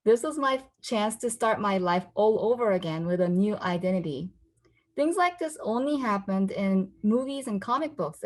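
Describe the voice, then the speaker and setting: A woman from South Korea reads from her own graphic memoir, breaking off now and then to explain things in a relaxed way. Korean is her first language, and she lifts her pitch to voice the people in the story. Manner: voices the characters with a raised pitch. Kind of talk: book reading with asides.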